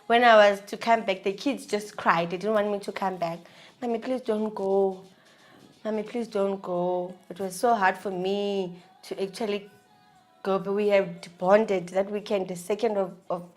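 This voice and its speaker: A woman telling her own story in an animated, emotional way, acting out the dialogue. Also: mid-range voice. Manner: animated, emotional retelling with acted-out dialogue and laughs. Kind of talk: personal storytelling.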